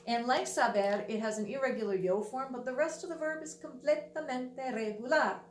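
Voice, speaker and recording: Woman teacher, patient and dryly funny, slightly high voice, faint hum behind. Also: moderate pace. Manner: patient, explains step by step, wry asides. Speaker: Spanish teacher. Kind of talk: classroom video lesson. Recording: echoey room, voice from a distance.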